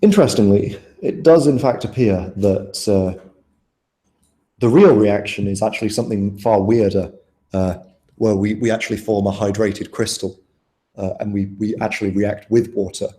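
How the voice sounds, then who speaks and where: A man's voice: fairly low pitch, moderate pace, mellow, echoey room. A young man tutoring students through an exam paper in a casual, chatty way, asking them questions as he goes. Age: young adult. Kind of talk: live online tutoring session.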